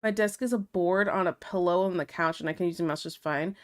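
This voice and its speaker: A woman's voice: on the low side, a little fast. A young woman, chatting casually on a live stream, reading chat messages aloud and laughing often.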